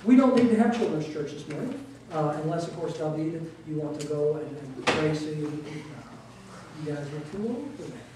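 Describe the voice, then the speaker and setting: A man's voice: on the high side, animated, moderate pace, heavy background noise. A middle-aged man preaching a sermon as pastor, folksy and joking, leaning hard on repeated words. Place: church sanctuary. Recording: echoey church hall, voice from a distance.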